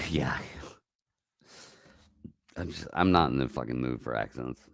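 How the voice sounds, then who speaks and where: A man hosting a casual livestream, talking in a rambling, profane way that swings from mumbled asides to loud outbursts, on a close mic. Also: extremely low pitch, slow, vocal fry, no echo. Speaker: livestream host.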